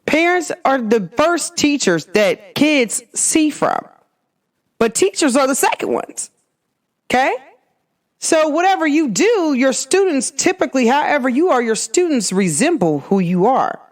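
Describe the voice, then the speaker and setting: A woman's voice: high-pitched, big pitch swings, unhurried. A woman hosting her own podcast, talking in a casual, emphatic monologue full of rhetorical questions. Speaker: podcast host.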